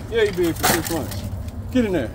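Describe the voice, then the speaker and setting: A man's voice: on the high side, big pitch swings, brisk, heavy background noise. A man, a kennel owner giving his dogs short commands in a casual outdoor vlog. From Arkansas, US. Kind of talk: casual dog-training vlog.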